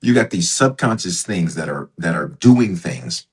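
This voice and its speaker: Deep-voiced man preaching in conversation. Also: expressive, unhurried. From United States. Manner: emphatic, repeats phrases, acts out inner voices. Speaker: bishop and author, podcast guest. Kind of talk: conversational interview with preacher's cadence.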